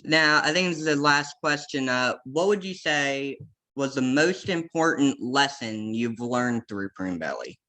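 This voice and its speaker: Bright, upbeat man hosting a channel. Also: medium pitch, expressive, a little slow. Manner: upbeat, direct host patter. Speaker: interview host. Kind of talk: interview and channel outro.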